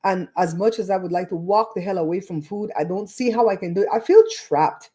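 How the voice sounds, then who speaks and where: Woman in her 50s, from Belize, show host, casual live chat, blunt and profane, mellow warm voice. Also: medium pitch, fast talker. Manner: blunt, profane, candid storytelling.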